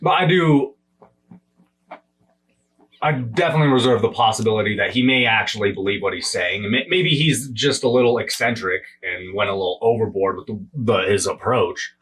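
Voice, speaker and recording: A man co-hosting a podcast in casual chat, measured and careful to be fair before accusing anyone. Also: lowish voice, a bit bright, husky, low-quality recording. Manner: measured, fair-minded, hedging. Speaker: podcast co-host.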